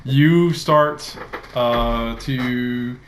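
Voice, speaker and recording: A man running a tabletop game as dungeon master, telling the scene slowly and dramatically. He speaks into a headset at a mid pitch, with a faint hiss under the voice. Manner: slow, dramatic storytelling.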